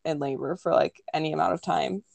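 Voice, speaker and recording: Brisk and creaky, her low-pitched, darkish voice carries no room sound as the young podcast co-host talks about giving birth. She keeps it casual and chatty, filling gaps with "like" and "um" and now and then voicing other people's lines.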